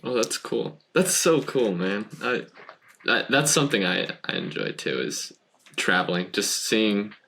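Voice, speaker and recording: A man's voice: on the low side, expressive, a little slow, creaky, fairly bright tone. A young man hosting a podcast, asking questions in a casual, enthusiastic way. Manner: enthusiastic, says "so cool". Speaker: podcast host. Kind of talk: casual interview chat.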